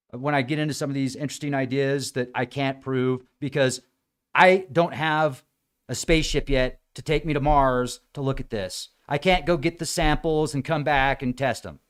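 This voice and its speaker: A man hosting a show, ranting sarcastically in a mocking, animated way that swings between loud outbursts and quiet asides. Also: medium pitch, smooth. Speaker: show host. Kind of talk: sarcastic comedic rant. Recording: small room with green screen.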